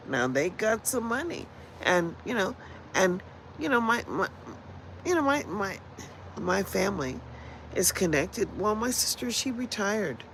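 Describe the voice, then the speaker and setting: This livestream host, a sixties-aged woman in Las Vegas, speaks in a mid-range voice while she rambles through a blunt, profane rant. The audio is rough, with a little noise in the background.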